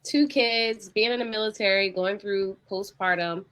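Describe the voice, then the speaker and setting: A woman's voice: mid-range voice, steady tone, normal speed, fairly bright tone, rough recording. A woman hosting a podcast, asking questions in a chatty way and laughing along with her guest. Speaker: podcast host. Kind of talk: casual interview.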